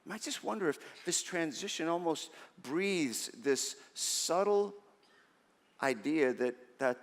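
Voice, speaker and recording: A middle-aged man preaching a sermon as pastor, conversational and animated, with self-deprecating stories. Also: fairly high pitch, slow pace. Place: large church auditorium. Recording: long reverb of a church hall.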